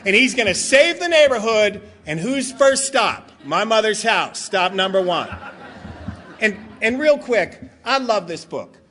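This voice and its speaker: A man's voice: high-pitched, big pitch swings, a little slow, sharp tone, slight background noise. A middle-aged man from Southern California giving a loose, joking, rambling talk as a guest speaker. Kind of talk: comic storytelling talk.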